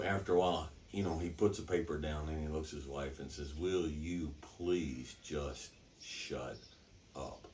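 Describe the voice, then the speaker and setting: A man with a fairly low voice gives a hands-on teaching demonstration. He drives his points home by repeating himself and checking in with "okay?". His voice is picked up from some way off the mic. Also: darkish tone. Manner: emphatic, repetitive, checks in with "okay?". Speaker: horsemanship instructor. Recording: distant mic.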